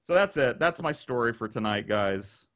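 Animated, profane male storyteller on a call. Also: medium pitch, normal speed. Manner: profane, animated, acts out quoted voices. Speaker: guest storyteller. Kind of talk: casual storytelling on a podcast.

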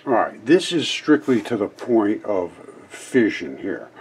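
An older man rambling through an explanation of experiment footage, halting and repeating words as he goes. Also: lowish voice, big pitch swings, a little mellow, a little hiss or hum. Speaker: independent science video maker. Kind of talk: casual explanation over footage.

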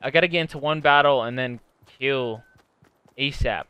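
A young man casually commenting on his own gameplay, excitable and swearing often, sometimes breaking into angry shouts. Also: medium pitch, normal speed, clean tone, no room sound, muffled recording. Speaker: gamer streamer.

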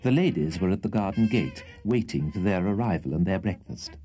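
A man reading a classic children's audiobook aloud in an expressive, theatrical narration. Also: sits low, brisk, music in the background. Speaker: audiobook reader. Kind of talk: scripted storybook narration.

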